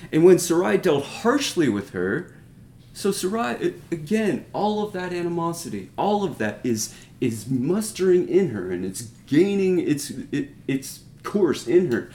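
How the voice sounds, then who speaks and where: A man's voice: a little high, big pitch swings, normal speed, a little mellow. A man giving a conversational Bible teaching in an earnest, explanatory way, often circling back and asking his listeners to notice a point. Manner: earnest, explanatory, with frequent restarts and rhetorical asides. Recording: roomy echo.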